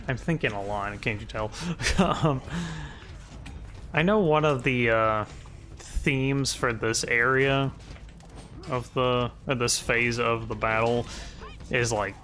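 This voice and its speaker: A man's voice: mid-range voice, sharp tone, a little hiss or hum. A man giving casual gameplay commentary as a video creator, rambling with lots of fillers and chuckling at himself. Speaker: gaming YouTuber.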